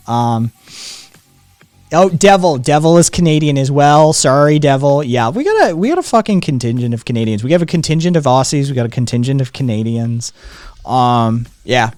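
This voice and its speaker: A medium-pitched, expressive voice with a darkish tone belongs to an American streamer chatting casually on his live stream at normal speed. He rambles, fills gaps with ums, and swears frequently; the recording is dry.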